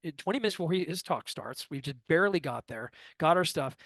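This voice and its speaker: Middle-aged male interview guest, an animated storyteller with a fairly high voice, recorded dry. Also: fast talker, dry recording. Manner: lively, acts out others' lines in quotes. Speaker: astrologer guest.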